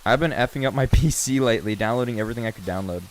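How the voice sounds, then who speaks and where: A young American man ranting in casual live-stream chat, swearing a lot and swinging between loud outbursts and low mutters. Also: racing, few pauses, slight background noise. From United States. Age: young adult.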